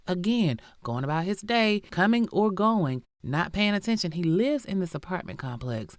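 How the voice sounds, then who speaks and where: A woman hosting a podcast, telling a true crime story in a lively, profane, slangy style with asides to her listeners. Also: lowish voice, no echo, clean studio sound. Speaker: podcast host.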